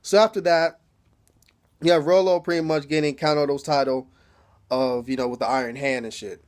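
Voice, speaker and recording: A man's voice: on the high side, steady tone, normal speed. A man recapping a TV episode in a casual, rambling, slangy way, swearing and laughing as he goes. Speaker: TV episode reviewer.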